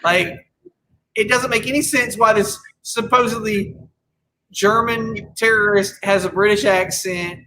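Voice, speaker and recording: Opinionated man with a bright voice. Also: high-pitched, fairly even intonation, unhurried, slight background noise, poor audio. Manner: opinionated, rambling with frequent restarts and laughs. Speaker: podcast co-host. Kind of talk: casual chat.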